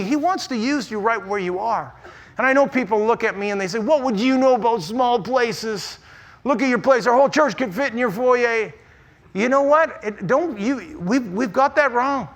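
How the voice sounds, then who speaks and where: A man preaching an energetic conference sermon, humorous and emphatic, often repeating words. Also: very high voice. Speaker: pastor speaking at a church conference.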